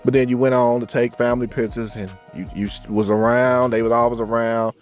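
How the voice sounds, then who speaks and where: A man's voice: mid-range voice, flat delivery, fairly quick, faint music behind. A man hosting a casual interview, teasing and pressing his guest with questions. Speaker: podcast host.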